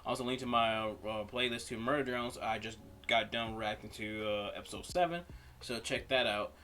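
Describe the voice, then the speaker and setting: A man hosting a reaction channel, wrapping up the video in a relaxed, rambling way with lots of fillers. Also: mid-range voice, normal speed, slight background noise. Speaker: YouTube reaction channel host. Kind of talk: casual video outro.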